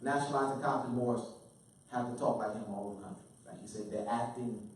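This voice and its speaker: A man giving a lecture and taking questions, halting and repetitive, then building to forceful emphasis. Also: mid-range voice, a little hiss or hum. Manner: halting, repeats himself, grows forceful and emphatic. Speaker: lecturer answering audience questions. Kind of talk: lecture with audience Q&A. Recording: echoey room, voice from far off.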